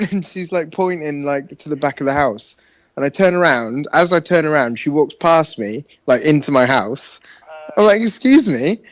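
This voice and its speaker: A man's voice: on the high side, normal speed, fairly bright tone. A man co-hosting a gaming podcast, telling a rambling, sweary story and laughing along. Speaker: podcast co-host. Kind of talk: casual storytelling chat.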